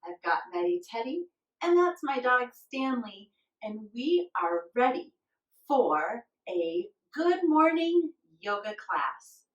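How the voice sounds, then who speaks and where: A woman leading a children's yoga class, giving gentle, encouraging instructions and now and then making playful animal noises. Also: a little high, big pitch swings, takes it slowly, reverberant, distant mic, dull audio. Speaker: kids' yoga teacher.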